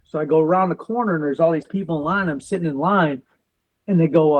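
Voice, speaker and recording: Animated, high-voiced storytelling man. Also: normal speed, highs cut off. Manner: animated storyteller who acts out dialogue, defiant and determined. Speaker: interview guest, military veteran. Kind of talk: conversational storytelling interview.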